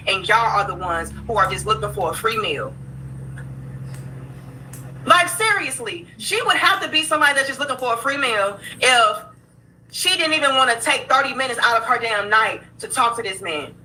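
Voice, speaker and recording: Woman reactor, blunt and sarcastic, high bright voice, faint background noise. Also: recorded from a distance, low-quality recording. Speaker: reaction commentator. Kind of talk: casual reaction commentary.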